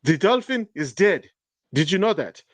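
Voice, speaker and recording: Brief: prankish German TV reporter, deadpan and raised in pitch, done by a man as an impression on a casual podcast. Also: moderate pace, no room sound. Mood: mock serious. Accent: German, put on.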